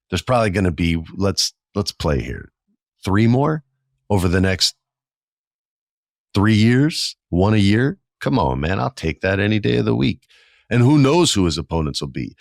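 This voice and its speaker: A man in his forties with a low, deep voice, talking through a solo podcast episode. He tells stories with casual enthusiasm and slangy asides. The sound is dry and close, with no room around it. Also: creaky, no room sound. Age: 40s. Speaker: podcast host.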